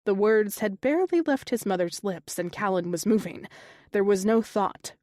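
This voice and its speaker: A woman reads a romance audiobook in a steady, even storytelling voice. Her pitch sits in the middle. The recording is close and dry, with no room sound. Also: dry recording. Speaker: audiobook narrator. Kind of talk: scripted narration.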